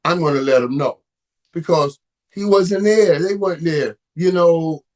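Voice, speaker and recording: A man's voice: fairly high pitch, measured pace, darkish tone. A middle-aged man hosts a live stream in a loose, conversational way. He stumbles over his words and doubles back on them, and he grows passionate and heated as he goes. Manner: stammering, repeats words, gets emotional and heated. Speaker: host. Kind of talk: casual live-stream talk.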